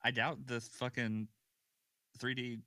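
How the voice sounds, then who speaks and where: A man's voice: mid-range voice, flat delivery, slow, sharp tone, no echo. A man in a casual online panel chat, with wry, sarcastic remarks. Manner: wry, sarcastic, laid-back. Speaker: panel guest.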